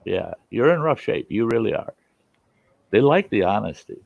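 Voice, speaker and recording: Male storyteller host, low and gravelly, casual and chuckling, raises his pitch for quoted voices, dry lo-fi recording. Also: sing-song, normal speed, darkish tone, dry recording. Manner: chuckles often while telling stories. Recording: dull lo-fi sound.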